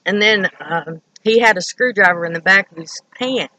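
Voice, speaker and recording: A woman's voice: medium pitch, moderate pace, sharp tone, low-quality recording. A woman from Kentucky telling stories in a rambling, profane, blunt way. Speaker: vlogger. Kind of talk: casual storytelling.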